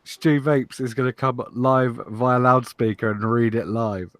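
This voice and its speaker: A man's voice: medium pitch, steady tone, unhurried, fairly bright tone, slight background noise. A British man co-hosting a casual podcast, blunt and sweary. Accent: British English. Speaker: podcast co-host. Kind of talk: casual chat.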